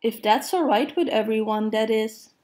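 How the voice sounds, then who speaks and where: A woman doing a gloomy rumbling donkey. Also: normal speed, darkish tone, natural voice. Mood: glum. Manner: rumbling, doleful. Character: gloomy, self-effacing male donkey.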